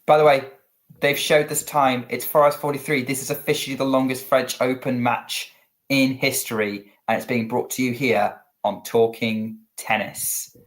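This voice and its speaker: British guy doing quick tennis play by play on a watchalong stream, chatty in the gaps. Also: medium pitch, fairly even intonation. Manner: rapid play-by-play calling, chatty asides. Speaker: co-host and play-by-play commentator. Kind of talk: live watchalong commentary.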